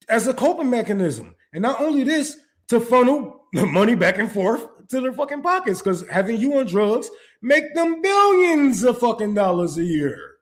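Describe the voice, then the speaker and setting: A high-pitched young man rants in a heated, profane monologue. He jumps from near-shouted outbursts down to low, muttered asides. He stumbles and restarts his sentences as he works himself up. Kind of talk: ranting monologue.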